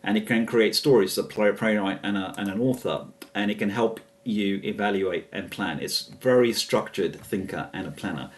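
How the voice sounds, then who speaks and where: A man giving a casual, chatty walkthrough of software on screen, hesitant and chuckling as he goes. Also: on the low side, moderate pace, few pauses, far from the mic. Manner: chatty, hesitant, many fillers and restarts, chuckles often. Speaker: presenter demonstrating software.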